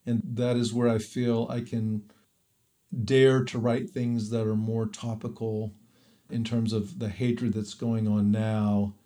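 A man's voice: lowish voice, level tone, slow pace, dark tone. A man, an author being interviewed, giving reflective answers and searching for words as he goes.

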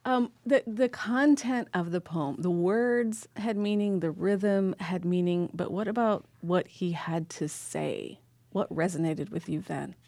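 A woman's voice: lowish voice, a little slow, gravelly, darkish tone, dry recording. A woman hosting a public radio interview, asking attentive questions. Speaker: radio host.

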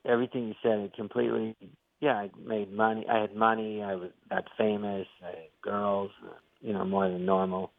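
A man's voice: on the low side, moderate pace, vocal fry. A middle-aged male actor and comedian, a guest telling stories in a casual interview, acting out the quotes. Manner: animated storyteller, acts out quotes. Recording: tinny phone line, dry.

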